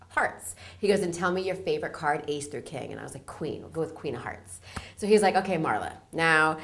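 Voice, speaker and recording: A woman telling a story in an interview, bright and lively, with a pitch that swings widely. She is excitable and acts out both sides of the conversation, breaking into shrieks of disbelief. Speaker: casting director.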